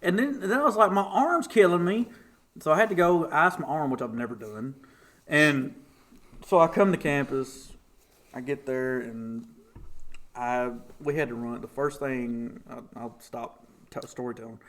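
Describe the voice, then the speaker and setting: A young man, a podcast guest telling a story casually and acting out the voices in it. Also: a little slow. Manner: animated, acts out quotes with big pitch jumps.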